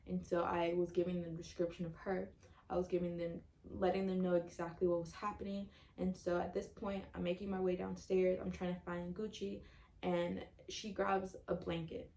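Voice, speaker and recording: Low gravelly young woman vlogger. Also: little pitch movement, moderate pace, dark tone, echoey room. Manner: earnest, recounting step by step with many fillers. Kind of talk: personal storytelling.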